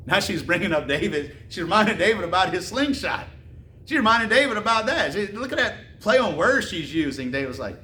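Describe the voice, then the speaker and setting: A man in a church, a little distant from the mic, with the hall echoing around him. His voice sits fairly high for a man. He preaches by reading old scripture and then retelling it in loose, laughing slang. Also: animated, brisk, pushed and bright, slight background noise. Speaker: pastor. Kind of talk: sermon. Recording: roomy echo, mic at a distance, faint ambience.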